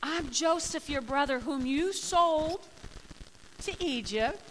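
A woman's voice: high-pitched, animated, slow pace, in a large hall, slight background noise, low-quality recording. A woman voicing Joseph, earnest and forgiving. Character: forgiving biblical man revealing himself to brothers.

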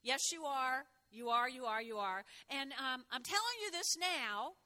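Lively high-voiced woman preaching. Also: measured pace. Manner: lively, call-and-response with congregation, exclaims. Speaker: pastor. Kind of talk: sermon.

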